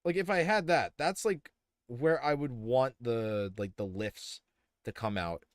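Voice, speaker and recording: A young man's mid-range voice comes through clean studio sound with no echo as he streams a building game. Speaking a little slowly, he muses aloud in a rambling way, full of fillers and restarts.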